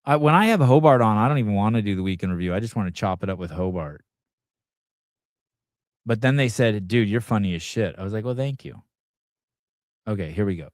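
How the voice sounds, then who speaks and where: A man's voice: fairly low pitch, animated, brisk, pauses often, no room sound, clean studio sound. A middle-aged man hosting a live podcast, telling rambling, profane stories in a casual chat. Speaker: podcast host.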